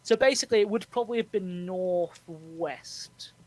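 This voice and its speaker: A man's voice: high voice, normal speed, darkish tone, low-quality recording. Man casually explaining history. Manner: laughs often, history explainer. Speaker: podcast host. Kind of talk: casual storytelling chat.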